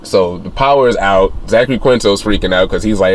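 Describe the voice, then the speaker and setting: A man's voice: brisk, slight background noise. A man casually recapping a film's plot as a reviewer, rambling with many fillers. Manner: rambling retelling with many fillers, acting out quotes in a higher voice. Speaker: film reviewer. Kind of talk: casual spoiler recap of a film.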